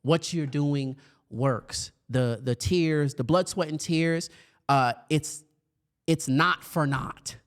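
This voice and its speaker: A man with a fairly high voice talks to educators in an easygoing, animated way. He leans on fillers and quick asides, and often puts on other voices when he quotes people. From grew up in foster care. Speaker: podcast host and speaker for educators. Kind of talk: motivational talk.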